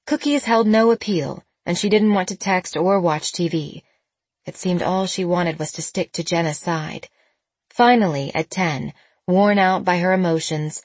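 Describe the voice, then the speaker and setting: Low husky woman narrating a story. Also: no echo. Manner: measured, expressive reading. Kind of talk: audiobook narration.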